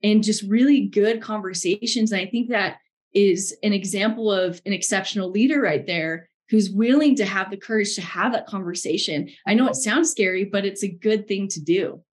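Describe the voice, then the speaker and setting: A woman's voice: mid-range voice, moderate pace. A woman, an HR business partner, chatting in a webinar with a cough drop in her mouth. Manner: warm agreement, reads audience questions. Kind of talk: conversational webinar talk.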